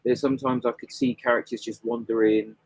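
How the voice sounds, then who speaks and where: A man with a middling, husky voice chatting about comics as a podcast guest. He rambles, circles back and restarts his sentences, filling gaps with "you know" and "um". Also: medium pitch, level tone, brisk, darkish tone, dry recording, low-quality recording. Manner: rambling, many fillers and restarts. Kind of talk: casual podcast chat.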